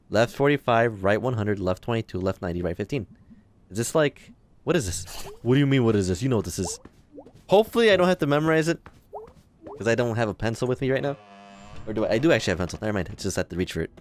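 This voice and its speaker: A young man from the Midwest, casually commenting and joking as he plays through a video game. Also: fairly low pitch. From Chicago, US Midwest. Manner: joking, talks back to the game characters. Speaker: let's play host.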